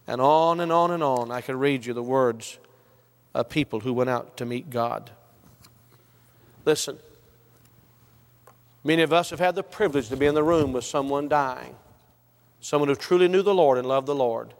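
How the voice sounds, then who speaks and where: A man preaching a sermon, quoting scripture and last words, swelling to impassioned highs and dropping low. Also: moderate pace, long pauses, in a large hall.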